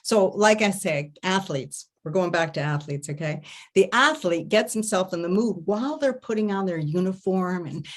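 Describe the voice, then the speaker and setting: A woman with a fairly low voice gives an online talk as an intimacy coach. She speaks expressively and hums and voices little sounds to make her points. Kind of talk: festival talk. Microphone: online video talk.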